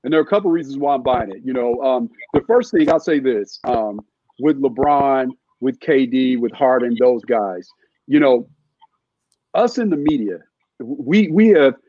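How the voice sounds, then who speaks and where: A man's voice: mid-range voice, expressive, moderate pace, warm tone, no room sound, highs cut off. A man in his fifties from California, a guest giving emphatic podcast sports analysis, repeating his points and building arguments with analogies. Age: 50s. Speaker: guest, former sportswriter and scout.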